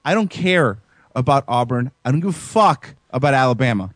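A man's voice: medium pitch, a little fast, no room sound. A young adult man hosting a casual podcast chat, telling stories animatedly, swearing and acting out quotes. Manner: profane, animated storytelling with voiced quotes. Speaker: podcast host.

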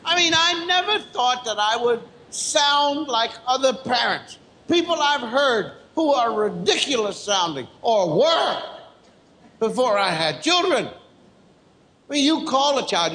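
A man doing a stand-up routine, exasperated, mimicking parents with rapid repeated phrases. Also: very high voice, big pitch swings, sharp tone, echoey room, low-quality recording. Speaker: stand-up comedian.

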